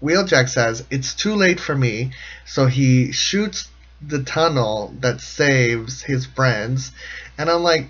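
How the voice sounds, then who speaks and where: A man's voice: fairly high pitch, takes it slowly, fairly bright tone, slightly rough, lo-fi sound. A man giving casual, jokey commentary on a cartoon episode, rambling and often laughing mid-sentence. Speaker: show commentator.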